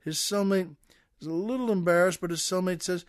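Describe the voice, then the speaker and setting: An older American man hosting a comedy show, telling a long joke with folksy, chuckling asides in a relaxed way. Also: high voice, fairly quick, no echo, studio quality. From United States. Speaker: podcast host. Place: studio.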